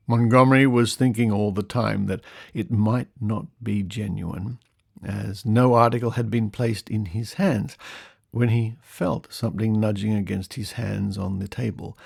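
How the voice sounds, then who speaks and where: A man's voice: lowish voice, creaky, a little mellow, no echo. A man hosting a podcast, reading old newspaper stories aloud and breaking off for dry, wry comments of his own. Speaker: podcast host.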